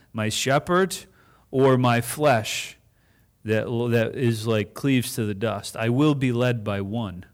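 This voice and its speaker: A man preaching a sermon in a conversational way, asking the congregation questions and voicing imagined speakers. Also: medium pitch.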